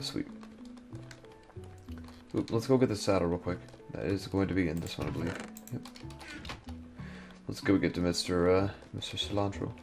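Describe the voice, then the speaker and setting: Sleepy young man with a gravelly voice. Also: on the low side. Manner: muttering to himself while sorting and exploring. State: sleepy, yawning. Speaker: gameplay commentator. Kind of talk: casual let's-play commentary.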